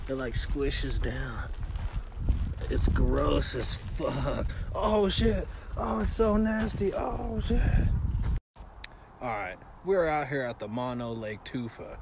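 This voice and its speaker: A man vlogging on a road trip, crude and excitable, swearing constantly as he talks. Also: mid-range voice, gravelly. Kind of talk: profane outdoor travel vlog. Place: outdoors at nature spots on a road trip. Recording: loud outdoor noise, wind and vehicles.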